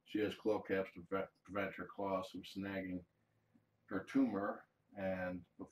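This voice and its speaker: A man with a very low voice talks gently to a cat and chats with livestream viewers. He explains things plainly and often backs up to restart a phrase. He sits well back from the mic, and the room gives his voice a hollow ring. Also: flat delivery, measured pace. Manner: soft-spoken, coos fondly to a cat. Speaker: cat fosterer streaming live. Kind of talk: casual livestream chat. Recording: roomy sound, mic some distance away.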